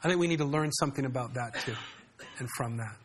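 A man's voice: mid-range voice, quick pace, a little hiss or hum. A man preaching a sermon in a conversational way, often asking his congregation questions. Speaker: pastor.

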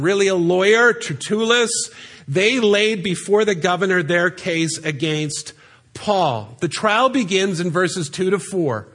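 A man's voice: high voice, a bit bright. A man preaching a sermon in a church, earnestly reading scripture aloud and explaining it. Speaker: pastor. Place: church sanctuary.

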